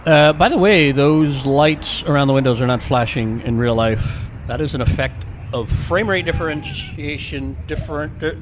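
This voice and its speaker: A man's voice: fairly high pitch, normal speed, hardly any pauses, background noise. A man giving a casual walking-tour narration as a vlogger, chatty and full of jokey, rambling asides, recorded outdoors on city streets.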